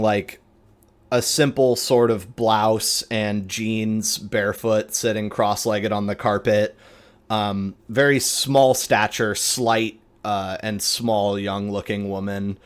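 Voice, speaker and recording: A man narrating as game master of a tabletop game, unhurried and rambling with lots of fillers. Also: lowish voice.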